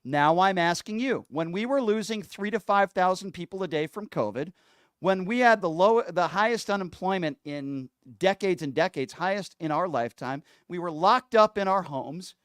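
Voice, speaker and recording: A man's voice: high voice, lively intonation, normal speed, a bit bright, smooth, no echo, clean studio sound. A man hosting a call-in radio show, taking calls and arguing sarcastically with a prank caller.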